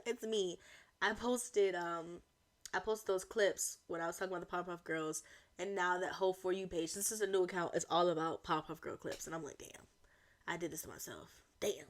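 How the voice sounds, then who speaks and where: A young woman hosting a solo podcast, talking in a chatty, rambling way with animated asides. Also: fairly low pitch. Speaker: podcast host. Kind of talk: casual solo chat.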